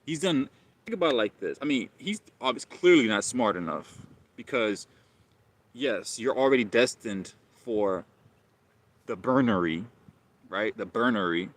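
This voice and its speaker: A man's voice: medium pitch, expressive, measured pace, long pauses. A man hosting a live stream, talking casually and rambling, often repeating himself and calling listeners bro.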